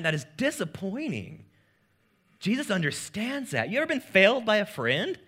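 A male pastor preaches with a bright, forceful tone and a voice that swings widely in pitch. He jokes and talks casually to his congregation, and his pitch sits a little above the usual. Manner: lively, joking, casual preaching. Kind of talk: sermon.

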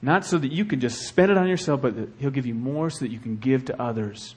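A middle-aged male pastor preaching a sermon with animated delivery and acted asides. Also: medium pitch, quick pace, breathy edge.

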